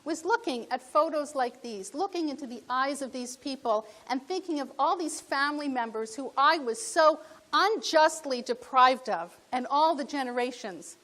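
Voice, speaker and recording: Bright high-voiced woman giving a keynote. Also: normal speed. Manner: animated, emotional storytelling. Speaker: inspirational speaker. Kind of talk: keynote storytelling speech. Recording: echoey hall from far off, faint noise.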